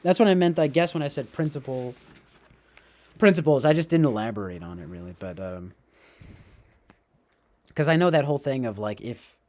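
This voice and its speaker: A young man hosting a livestream, musing out loud in a rambling way, full of fillers, self-corrections and little chuckles. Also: medium pitch, animated, moderate pace, long pauses. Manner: chuckles often while talking. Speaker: livestream host. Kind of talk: casual rambling livestream talk.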